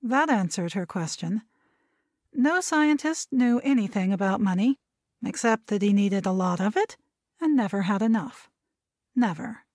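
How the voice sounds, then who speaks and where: A woman reading a novel aloud as an audiobook narrator, with measured storytelling. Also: mid-range voice, expressive, a little mellow, no echo, studio quality. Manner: measured storytelling, voicing characters' dialogue.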